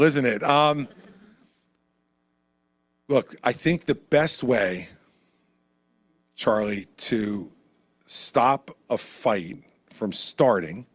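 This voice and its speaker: A man speaking as a presidential candidate at a town hall, in a punchy, conversational way that repeats lines for emphasis. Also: mid-range voice. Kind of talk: town hall stump speech and Q&A. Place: indoor town hall venue.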